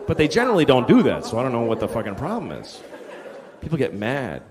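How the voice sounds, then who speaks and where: A man's voice: medium pitch, huge pitch swings, fast talker. A middle-aged male stand-up comedian ranting in a profane, exasperated way on stage before a live audience. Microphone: stage mic. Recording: live audience and room noise. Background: crowd laughter.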